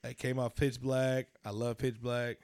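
A man co-hosting a podcast, teasing and cursing loudly with lots of laughter. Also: mid-range voice, flat delivery, a little slow, no room sound, clean studio sound. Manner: loud, teasing, laughing, profane. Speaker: podcast co-host. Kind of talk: casual banter.

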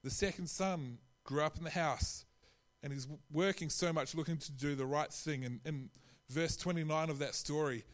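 Male preacher, slightly high voice, casual sermon delivery. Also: moderate pace, few pauses. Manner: conversational, with frequent restarts and acted-out quotes.

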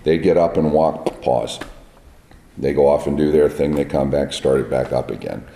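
A man with a very deep, dark, raspy voice tells blunt stories from film sets. He is recorded in an echoey hall with a long reverb tail. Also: fairly even intonation, normal speed, a little hiss or hum. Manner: plain-spoken, blunt, tells set stories. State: raspy from smoke on set. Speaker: guest, film makeup artist. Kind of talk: casual interview chat. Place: large echoey room at a trade event.

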